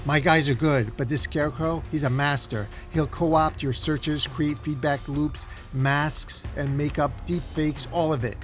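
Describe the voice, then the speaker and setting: A man voicing Harley Quinn, a brash and frantic young woman, in a comic recap, giving terse warnings and panicked shouts. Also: fairly high pitch, steady tone, unhurried, hardly any pauses, soft background music, close to an everyday voice. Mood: tense warning.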